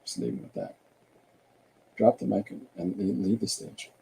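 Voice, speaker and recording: A man's voice: deep voice, very animated, normal speed, creaky, warm tone, slight background noise. A man hosting a podcast, chatting casually and jokingly while he draws, rambling and musing aloud. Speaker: podcast host and artist. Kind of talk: casual chat while drawing.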